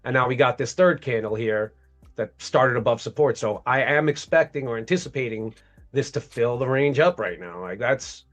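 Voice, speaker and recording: A man's voice: medium pitch, lively intonation, normal speed, fairly bright tone, soft background music. A man hosting a trading livestream, upbeat and explaining his trades step by step in casual chat.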